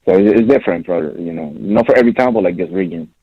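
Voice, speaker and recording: A man's voice: sits low, fast, husky, no echo, muffled recording. A man of Dominican origin calling in to a podcast, rambling and apologetic, filling his talk with "like" and "you know". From Dominican Republic. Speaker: caller. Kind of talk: casual call-in chat.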